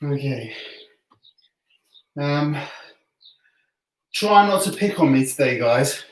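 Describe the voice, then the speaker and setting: A man's voice: on the high side, animated, slow pace, far from the mic. A man leading a home workout class, chatty and joking, out of breath between sets. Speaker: fitness coach. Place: room at home. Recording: echoey room, voice from off-mic.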